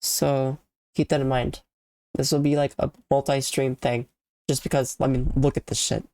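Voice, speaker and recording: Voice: medium pitch, level tone, normal speed, a little mellow, no room sound. A sick, congested and tired streamer giving casual, rambling commentary on a video game, often trailing off and restarting sentences.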